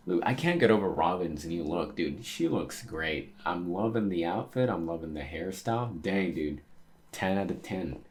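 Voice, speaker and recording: Low-voiced laid-back guy reacting. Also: expressive, measured pace. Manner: laid-back, exclaiming, loose filler-heavy talk. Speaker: manga reaction host. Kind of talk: casual reaction while reading a comic aloud.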